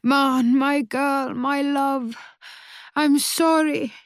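Audiobook role: woman reading a sobbing older mother, thick low voice, slow and dragging. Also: a little mellow, husky, no room sound, clean studio sound. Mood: wailing. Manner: sobbing, breaking off mid-sentence. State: crying. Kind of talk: audiobook character voice.

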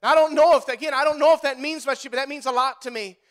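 Man pastor preaching, real high voice, keeps repeating stuff for punch. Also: fairly even intonation, very fast. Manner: preaching with emphatic repetition. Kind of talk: sermon.

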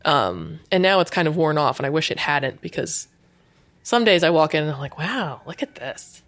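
A woman's voice: deep voice, fairly quick. Give me a chatty woman in her thirties telling her story in an interview. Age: 30s. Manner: chatty, says "like" often, animated retelling. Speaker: guest, UX designer. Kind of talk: casual interview chat.

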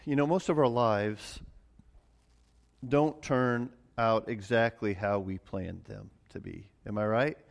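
A man's voice: fairly low pitch, steady tone, slow pace, gravelly. A middle-aged man preaching a sermon as pastor, earnest and often repeating words as he starts a phrase.

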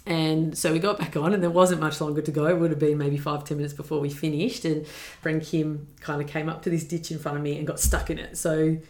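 A woman's voice: sits low, little pitch movement, a little fast, darkish tone, roomy sound. A young woman telling a personal story as a podcast guest, earnest and reflective, with many fillers.

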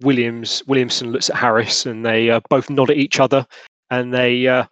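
A man's voice: medium pitch, level tone, moderate pace, a bit bright. A man narrating as game master of a tabletop horror game, rambling with many fillers and restarts.

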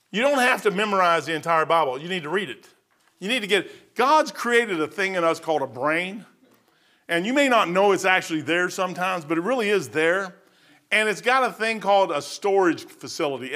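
A middle-aged man with a drawl preaches from the pulpit in a high, ringing voice. He tells stories from his own life in a lively way, sinking to near-mutters on asides and then climbing into excited bursts. His tone is bright and forward throughout. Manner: storytelling preacher, swings from hushed asides to excited outbursts. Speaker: pastor. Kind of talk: sermon.

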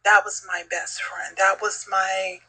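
A woman's voice: mid-range voice, flat delivery, a little slow, bright, forceful tone, breathy edge, rough recording. A middle-aged woman telling a heartfelt, reflective story in a casual chat as a podcast guest. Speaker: podcast guest, host's mother.

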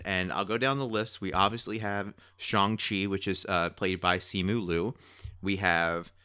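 Excitable low-voiced man on a podcast. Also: clear, resonant tone, dry recording, studio quality. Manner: excitable, rambling. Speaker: podcast co-host. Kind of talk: casual podcast chat.

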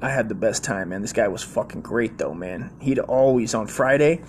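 A man's voice: on the low side, lively intonation, normal speed, darkish tone, a little hiss or hum. A man in his forties telling a rambling, slangy, profane story in a casual way.

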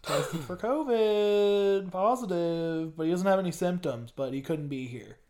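A man's voice: on the high side, lively intonation, moderate pace, darkish tone. A man from the US South hosting a casual podcast, talking in a rambling, hesitant way with many ums. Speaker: podcast host. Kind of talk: casual chat.

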